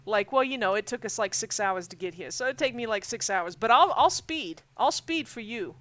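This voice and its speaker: A man voicing a choked-up, fretful middle-aged mother seeing her son off, pleading and clinging in a hushed voice. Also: sits high, expressive, normal speed, dry recording.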